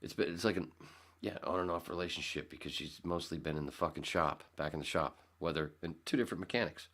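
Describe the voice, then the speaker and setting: A man's voice: low voice, brisk, hardly any pauses, a bit bright. A man hosting his own podcast, rambling casually and sarcastically, swearing freely. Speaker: podcast host. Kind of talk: casual solo podcast talk.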